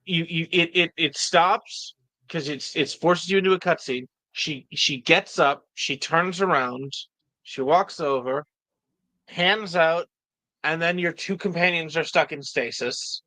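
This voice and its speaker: A man's voice: on the high side, measured pace, bright, forceful tone, no echo. A man guest in a casual chat, eagerly explaining and tripping over his words. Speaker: fan editor, guest.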